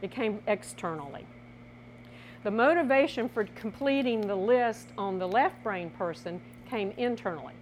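A woman presenting a workshop in a lively teaching style, acting out little scenes as she explains. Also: mid-range voice, normal speed, a little hiss or hum. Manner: animated, laughing, acts out little scenes.

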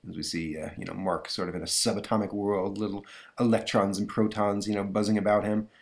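A man's voice: fairly low pitch, flat delivery, fairly quick. A man hosting a comic book review podcast, talking hesitantly with many fillers. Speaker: podcast host.

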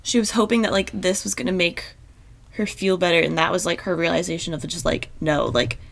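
A woman talking through a TV episode with a friend, her voice on the low side. She mostly chimes in with short agreements and now and then offers a longer thought. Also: fairly even intonation, fast, vocal fry, no echo. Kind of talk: casual TV recap chat.

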